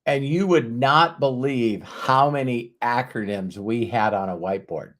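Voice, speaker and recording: Animated storytelling man hosting a podcast. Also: mid-range voice, a little slow. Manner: animated storyteller who acts out quoted voices and swears casually. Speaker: podcast host. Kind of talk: casual conversational storytelling.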